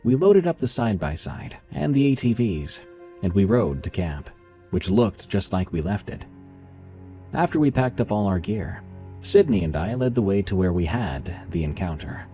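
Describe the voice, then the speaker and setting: A man reading a first-person horror story aloud in a measured, steady narration. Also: lowish voice, soft background music.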